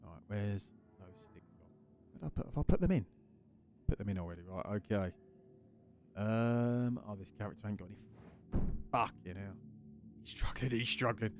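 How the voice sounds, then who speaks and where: A man's voice: on the low side, normal speed, long pauses, darkish tone, faint music behind. A man chatting casually and swearing as he streams a game, greeting his chat by name. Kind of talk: casual live-stream commentary while gaming.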